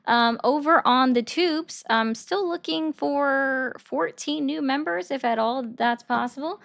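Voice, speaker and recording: A woman hosting a political commentary livestream and taking callers, talking bluntly and arguing back fast. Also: high-pitched, creaky, fairly bright tone. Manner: blunt, argumentative, quick comebacks.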